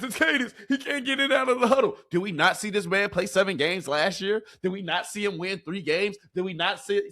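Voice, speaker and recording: Male sports host, fan reaction rant, high animated voice, bright and forceful, swears a lot. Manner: heated, profane, rhetorical questions.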